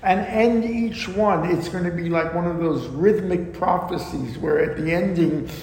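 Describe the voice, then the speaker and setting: A man teaching a verse-by-verse Bible lesson, explaining slowly and deliberately with frequent ums and asides. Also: sits high, a little mellow. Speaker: Torah teacher. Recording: echoey room with long reverb and faint background noise.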